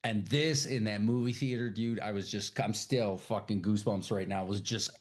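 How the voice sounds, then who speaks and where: A man co-hosting a podcast, chatting casually about a film, swearing a lot and acting out the characters' lines in voices. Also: moderate pace. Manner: animated, profane, acts out character lines in high voices. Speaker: podcast co-host. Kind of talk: casual film review chat.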